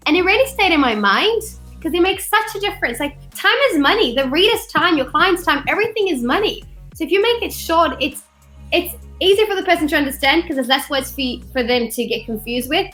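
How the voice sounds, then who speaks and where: Chatty webinar host, woman, high voice, acts out quotes, video call mic. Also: animated, fairly quick, fairly bright tone, soft background music. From not from Australia; studied there. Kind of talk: casual webinar talk.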